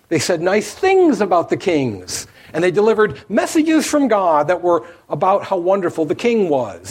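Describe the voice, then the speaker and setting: A man preaching a sermon, telling the story with animated emphasis, his voice rising as he drives points home. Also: high-pitched, slightly rough. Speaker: pastor.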